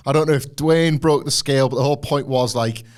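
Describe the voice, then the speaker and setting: A man's voice: mid-range voice, fairly quick. Rambling man, casual podcast. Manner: rambling, animated storytelling. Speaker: podcast co-host. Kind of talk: casual chat.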